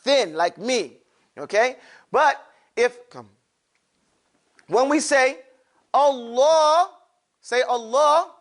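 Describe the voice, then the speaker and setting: A man's voice: very high voice, very animated, slow pace, long pauses, fairly bright tone. A man teaching a classroom lesson, drawing out sounds for students to repeat and adding playful asides. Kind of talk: classroom lesson with call-and-response drills.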